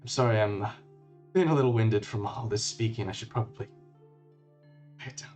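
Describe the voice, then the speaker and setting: A man's voice: lowish voice, steady tone, brisk, darkish tone, faint music behind, close to an everyday voice. A man voicing a weak, wounded young male shopkeeper who stammers and is winded as he talks. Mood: halting.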